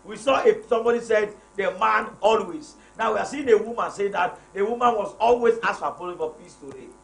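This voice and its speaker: A man's voice: high voice, a little fast, vocal fry. A middle-aged man hosting a live marriage program as a pastor, reading viewer comments and repeating his points emphatically. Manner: emphatic, repeats key phrases, preacherly. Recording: echoey room with faint noise.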